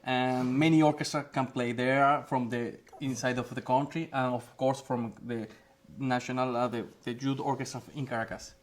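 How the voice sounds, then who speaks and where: A man's voice: medium pitch, flat delivery. Man with a Venezuelan Spanish accent. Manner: halting, searching for words, many restarts. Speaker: guest musician. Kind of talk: casual interview answers.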